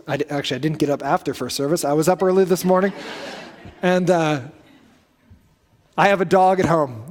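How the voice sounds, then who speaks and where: This sermon comes from a male pastor whose fairly high voice rings with long reverb in a church sanctuary. His delivery is relaxed and story-driven, with self-corrections and side trails.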